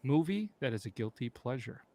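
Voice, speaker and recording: A man's voice: medium pitch, very animated, fairly quick, dark tone, no room sound. A man co-hosting a podcast, telling crude jokes in casual banter and leading the show's segments. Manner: joking, crude humor, runs the show segments. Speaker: podcast co-host.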